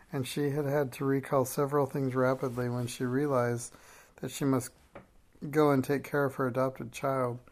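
Flat, even-toned audiobook reader. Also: mid-range voice. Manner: even, measured reading with occasional slips. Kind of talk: scripted narration of a classic children's novel.

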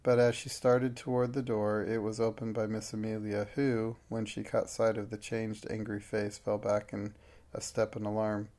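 A man narrating a classic novel aloud at a steady, measured pace. His voice sits low and stays level, with little rise or fall. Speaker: audiobook narrator. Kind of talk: scripted narration.

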